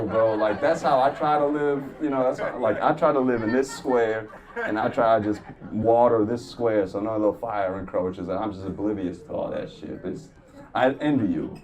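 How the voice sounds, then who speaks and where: A man performing a stand-up comedy set, telling stories in a profane, animated way and acting out the people in them. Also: medium pitch. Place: comedy club stage before a laughing crowd. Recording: distant mic, audible room noise.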